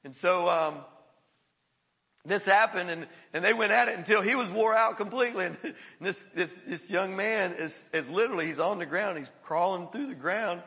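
A male pastor telling stories in a sermon, animated and often chuckling. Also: sits high, moderate pace. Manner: animated storytelling with frequent chuckles. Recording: echoey hall.

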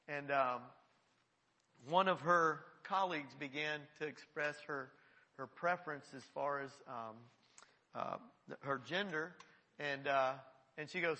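A pastor delivers an earnest, conversational sermon in a slightly high, very bright voice. He circles back and repeats his phrases as he builds a point. The sound carries the long reverb of a church sanctuary. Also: measured pace. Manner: earnest, conversational preaching with repetitions.

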